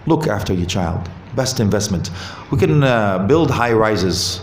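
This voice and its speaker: A man giving a lively talk on marriage at a mosque, asking the audience questions and joking. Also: lowish voice, measured pace, a little hiss or hum. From Canada. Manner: animated, asks the audience questions, jokes. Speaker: visiting Islamic speaker. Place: mosque hall. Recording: roomy hall with faint ambience.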